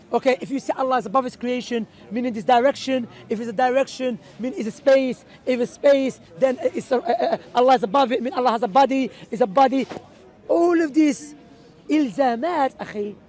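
High-voiced man arguing a point outdoors. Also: a little mellow. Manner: emphatic, argumentative, mixing in religious Arabic phrases. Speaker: street preacher. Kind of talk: impromptu outdoor debate. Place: outdoors in a city park.

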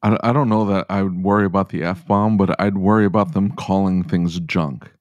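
Low-voiced joking podcast host. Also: male voice, fairly even intonation, moderate pace, no echo, dull audio. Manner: jokey, teasing, many restarts. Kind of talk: casual chat and scripted outro.

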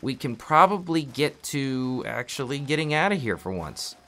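A man playing through a game, reading a book aloud deliberately with small restarts, then making casual asides. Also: mid-range voice, very animated, bright, forceful tone. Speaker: game walkthrough player.

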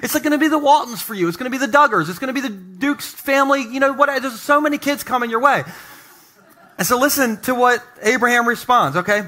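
Bright-voiced pastor telling funny stories. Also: male voice, very high-pitched, fast talker. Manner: humorous storytelling, animated asides. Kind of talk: sermon. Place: church sanctuary.

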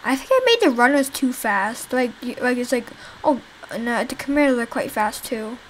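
Her voice is on the high side and lively, moving at normal speed, as a young woman casually comments on a zombie game she developed herself. She talks to viewers, rambles, and swears at enemies in a rough recording with a little hiss or hum.

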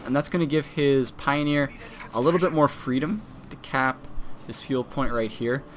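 A man's voice: medium pitch, normal speed. A young man giving casual, self-deprecating commentary on a strategy game replay, with fillers and restarts.

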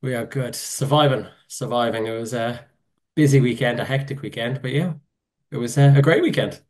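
Irish-born promoter guy as a pod guest, mid voice, low-key n quiet, trails off. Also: brisk. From Ireland. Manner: laid-back, quiet, trailing off. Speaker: podcast guest, festival promoter. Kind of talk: casual podcast chat.

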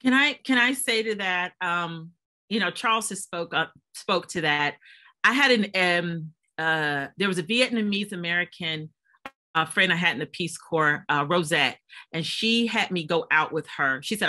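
A woman speaking as a panelist and former volunteer, telling animated stories from her service over a video call. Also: fairly low pitch, normal speed. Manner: animated storytelling, laughs while telling. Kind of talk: panel discussion recollection.

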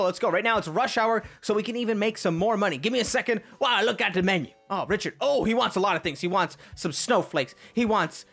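A woman narrates her gameplay in a playful, teasing way, her pitch leaping up and down as she reacts. Her voice is bright and sharp, and she breaks into laughs often. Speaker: gaming video host.

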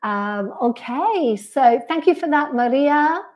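Pilates teacher, higher-pitched woman. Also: lively intonation, takes it slowly, a little mellow. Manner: friendly, reads out viewer comments and replies to each. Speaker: pilates instructor. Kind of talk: chatty live-stream Q&A after class. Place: sunny room indoors.

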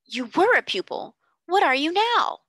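A woman reading aloud, voicing a frail, agitated older gentleman who questions urgently and breathlessly. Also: very high-pitched, big pitch swings, unhurried, no echo, voice pushed up, heavily acted, poor audio.

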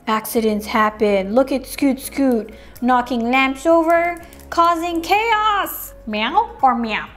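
A woman's voice: sits high, animated, measured pace, hardly any pauses, faint music behind. Playful, sing-song woman unboxing toys. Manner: playful, sing-song, switches to whispers and silly voices. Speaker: toy unboxing host. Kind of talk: playful toy unboxing narration.

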